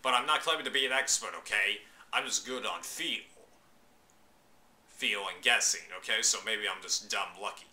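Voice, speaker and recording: Bright-toned young-sounding man vlogging casually. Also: lowish voice, moderate pace. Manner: chatty, loose, slangy, exclaiming. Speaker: vlogger reviewing a reality show. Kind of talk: casual opinion vlog.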